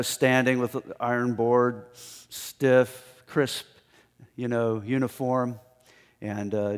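A man giving a conversational sermon on a Bible passage, acting out the characters with sudden jumps in pitch and volume. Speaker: preacher. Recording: echoey hall with long reverb.

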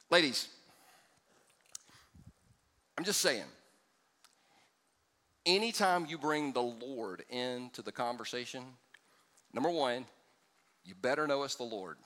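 Animated preaching man in a reverberant hall. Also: a little high. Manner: animated storytelling, acts out voices, joking asides. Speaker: pastor. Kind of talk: sermon.

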